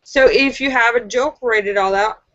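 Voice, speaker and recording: A woman's voice: fairly high pitch, normal speed, a bit bright, lo-fi sound. A woman hosting a casual live stream, reading out viewers' jokes and laughing at them. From United States. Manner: giggly, laughs at her own jokes.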